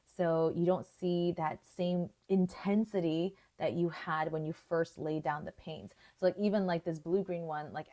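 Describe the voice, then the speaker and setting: A woman's voice: on the low side, warm tone. A young woman hosting a live watercolor painting tutorial, chatting casually, thinking aloud and laughing often. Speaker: art tutorial host.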